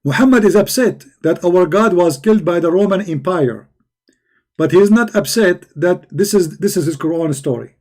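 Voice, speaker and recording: Man, debate host, mocking and combative, slightly high voice, dark mellow tone. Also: animated, moderate pace. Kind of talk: live online debate commentary.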